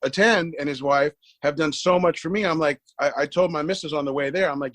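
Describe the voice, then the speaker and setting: A middle-aged man with a slightly high voice, recorded close and dry with no room sound. He tells his story with animation, acts out the other people's lines and stumbles over repeated words when he gets excited. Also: fairly quick, no echo. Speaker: podcast guest. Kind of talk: casual storytelling interview.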